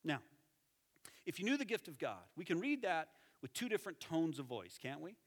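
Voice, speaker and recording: Man preaching, fairly high voice, lively then hushed, long church reverb. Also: normal speed. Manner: animated, conversational, drops to soft tones for emphasis. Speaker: pastor. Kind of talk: sermon. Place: church sanctuary. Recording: reverberant hall.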